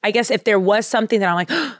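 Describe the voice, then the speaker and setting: A woman's voice: medium pitch, animated, racing, no room sound. Young woman podcast host, jokey and giggly, dry close mic; casual chat.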